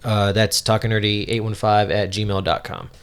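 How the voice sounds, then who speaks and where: A man co-hosting a casual podcast, running through the show's plugs in a halting, filler-heavy, playful way. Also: lowish voice, flat delivery, clear, resonant tone. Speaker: podcast co-host. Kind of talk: casual chat, reading show plugs.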